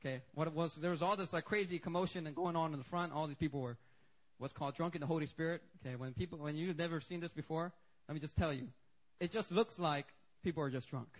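A male pastor preaching a sermon, telling stories in an animated, joking way. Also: a little high, fast. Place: church service.

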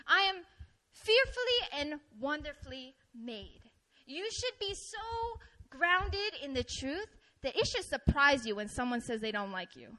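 Lively, bright-voiced young woman preaching. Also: sits high, rough recording. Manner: animated storytelling, acts out her own complaints. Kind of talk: sermon.

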